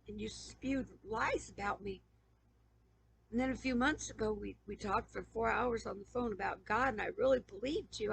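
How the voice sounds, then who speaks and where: A woman's voice: a little high, a bit bright, slight background noise, low-quality recording. A woman YouTuber in an emotional personal appeal to camera, pleading and stammering with repeated questions, on the verge of tears. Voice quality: raspy, gravelly.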